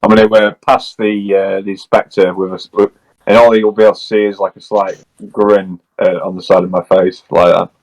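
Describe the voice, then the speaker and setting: A man playing a tabletop game, eager and halting, with many fillers. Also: lowish voice, little pitch movement, a little mellow, no echo, poor audio. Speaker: player. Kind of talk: casual chat at a game table.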